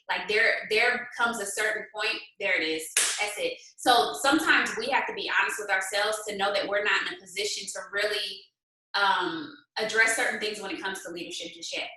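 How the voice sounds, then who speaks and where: A woman leading her sales team in a motivational talk, firing off rhetorical questions in a lively, conversational way. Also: medium pitch. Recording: very echoey room, distant mic.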